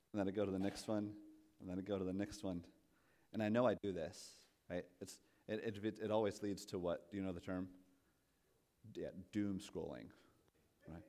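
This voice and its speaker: A male pastor in his thirties giving a casual, self-deprecating sermon, asking the congregation questions and swinging from quiet asides to loud emphatic points. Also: lowish voice. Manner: chatty, self-deprecating, asks the audience questions.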